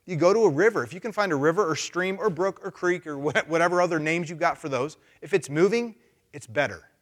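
Guy pastor preaching in church, animated and chatty, bit higher voice. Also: fast talker. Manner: animated, conversational, acts out voices. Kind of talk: sermon.

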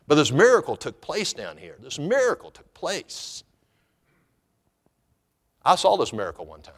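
A pastor preaching a sermon, reading scripture and swinging between loud emphatic lines and hushed ones. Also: male voice, mid-range voice, very animated, moderate pace.

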